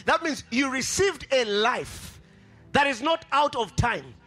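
A man preaching a sermon with impassioned, sing-song delivery, repeating his phrases and rising to shouts. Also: very high-pitched, animated, takes it slowly.

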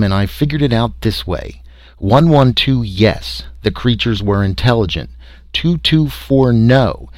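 A man with a lowish voice reads a first-person adventure tale aloud, keeping it wry and conversational, as if telling it to friends. The recording is close and very dry. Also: no echo. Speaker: audiobook narrator. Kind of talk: first-person story reading.

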